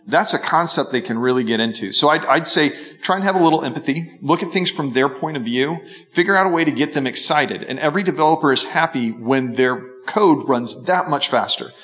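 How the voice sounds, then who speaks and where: A man on a conference panel explaining calmly and at length. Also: mid-range voice, brisk, few pauses. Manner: calm, explanatory. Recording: reverberant conference hall.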